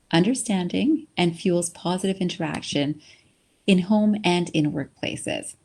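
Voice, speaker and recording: A woman's voice: lowish voice, a little mellow. A woman giving an encouraging webinar lecture, often checking in with "right?". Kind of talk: conversational lecture.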